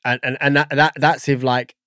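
A man's voice: mid-range voice, little pitch movement, moderate pace, pushed and bright, clean tone, dry recording, clean studio sound. A man, a guest on a podcast, talking in a rambling, casual way and searching for words with lots of fillers. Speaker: guest audio engineer.

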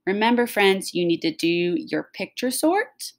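A woman's voice: mid-range voice, very animated, a little slow. A woman teaching a recorded phonics lesson to young children, talking patiently and stretching out the sounds of words.

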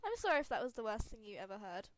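A gaming video creator with a mid-range voice, recorded dry, gives casual commentary over a video game. She has a cold and sounds congested and sniffly, rambling, giggling and poking fun at herself.

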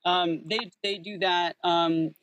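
A man's voice: high-pitched, fairly even intonation, slow pace, dull audio, noisy background. A man in his thirties who works as a voice actor, chatting thoughtfully in an interview with many fillers and restarts. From Texas, USA. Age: 30s. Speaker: voice actor and audiobook narrator. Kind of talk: casual interview chat.

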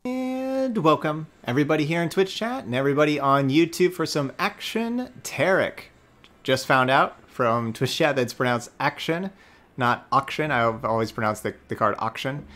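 A man's voice: fairly high pitch, lively intonation, moderate pace, fairly bright tone. A man streaming a card game, giving casual commentary as he plays, thinking aloud and correcting himself as he goes.

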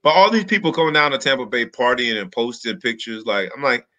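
A man's voice: medium pitch, fairly quick, bright, forceful tone. A middle-aged man from the American South in casual sports chat, emphatic and opinionated. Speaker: sports talk co-host.

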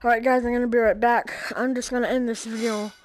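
A woman's voice: a little high, level tone, fast talker, slight background noise, rough recording. A woman giving casual commentary while playing a video game, reacting with frustrated exclamations. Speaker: gamer. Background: game music.

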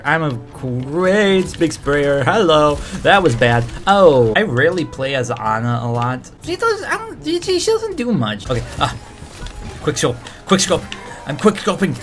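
A man giving excitable let's-play commentary, trash-talking and breaking into shouted outbursts. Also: medium pitch. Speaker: gamer and video creator.

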